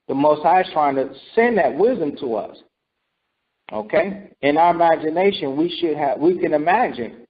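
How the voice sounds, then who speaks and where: Animated and slightly high-voiced, a man speaking at normal speed leads scripture study in a sermon. He repeats himself often and asks "right?" and "okay?" as he goes, recorded in dull lo-fi.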